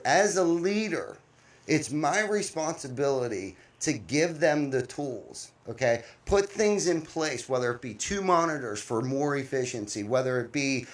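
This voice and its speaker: Male podcast host, mid-pitch, blunt and profane, animated storyteller. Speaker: podcast host, business owner. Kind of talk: casual chat.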